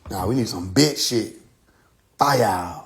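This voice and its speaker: A man hosting a casual live stream, riffing loudly with profanity and frequent laughter. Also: lowish voice, expressive, takes it slowly, vocal fry. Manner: loud joking rant, heavy profanity, laughing often. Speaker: livestream host. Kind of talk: casual livestream chat.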